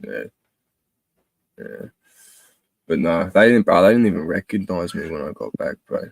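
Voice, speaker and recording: Deep-voiced young aussie guy, crude and sweary, dry close sound. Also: very animated, normal speed, gravelly, slightly rough, dry recording. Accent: Australian. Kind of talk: casual chat.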